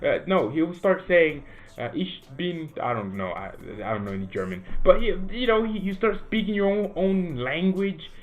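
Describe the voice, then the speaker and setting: Barely pausing, a man with a high-sitting voice rambles at a moderate pace on his football fan channel. He's animated and casual, keeps asking "right?", and speaks from a home room on a tinny, phone-like recording.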